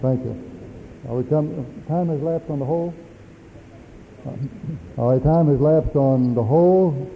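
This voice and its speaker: A man moderating a church assembly, giving procedural rulings in a measured way. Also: on the high side, a little hiss or hum. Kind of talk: parliamentary chairing. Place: large assembly hall. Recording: dull lo-fi archival recording.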